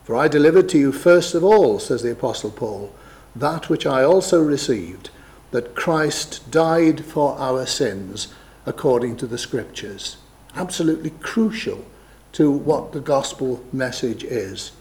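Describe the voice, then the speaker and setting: Male preacher, middle-aged, mid-pitched, measured and emphatic, reads scripture aloud and explains it. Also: lively intonation, a little mellow. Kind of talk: Bible teaching talk.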